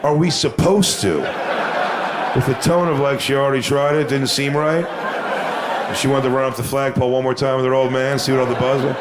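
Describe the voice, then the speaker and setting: A man performing a stand-up comedy set on stage, telling crude, swaggering stories and sometimes mocking people in high put-on voices. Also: fairly even intonation, normal speed, heavy background noise. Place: comedy stage before a live audience.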